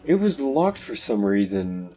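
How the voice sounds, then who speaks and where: Dude reading a creepy horror story, slow and mellow, lively pitch, faint music under it. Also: male voice, husky. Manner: slow, dramatic narration. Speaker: narrator.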